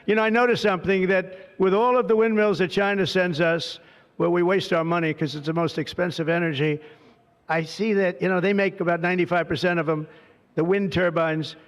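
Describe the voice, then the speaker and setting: A man's voice: sits high, fairly even intonation, a little fast, clean tone. An older man giving a rambling, boastful political speech full of superlatives and digressions at a signing event. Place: large hall at a signing event. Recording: reverberant hall.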